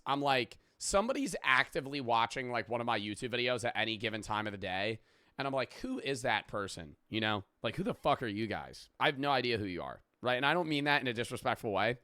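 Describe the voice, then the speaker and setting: Bright, rambling male streamer. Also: medium pitch, smooth, no room sound, clean studio sound. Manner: rambling, profane, reads donations aloud. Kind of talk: casual live-stream chat.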